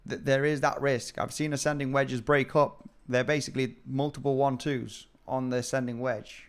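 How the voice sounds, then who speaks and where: A man's voice: medium pitch, level tone, normal speed. Chatty man giving crypto market commentary. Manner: chatty, calls viewers guys, repeats words. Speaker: crypto trading streamer. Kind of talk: casual live-stream market commentary.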